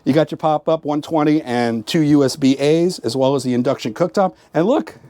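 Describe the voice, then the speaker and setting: A man with a fairly high voice gives a relaxed, upbeat tour from inside a motorhome. He chats as he goes, pointing out details with lots of fillers. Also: a little fast, no room sound. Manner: chatty, upbeat, points things out with frequent fillers. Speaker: RV travel vlogger giving a tour. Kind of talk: casual walkthrough tour.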